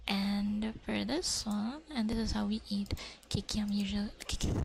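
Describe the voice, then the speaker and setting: A young woman livestreaming ASMR, chatting in whispered livestream chat that slips between soft whispers and a casual speaking voice, with the odd swear. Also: medium pitch, fairly even intonation, normal speed, gravelly, a little hiss or hum, low-quality recording. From Philippines.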